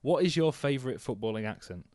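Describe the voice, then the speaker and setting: A man from England chats about football as a podcast co-host, his talk rapid and full of wry jokes. The sound is dry and close. His pitch sits in the middle of the range. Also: animated, a little mellow, no room sound. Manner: quick, jokey and wry. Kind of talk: casual football chat.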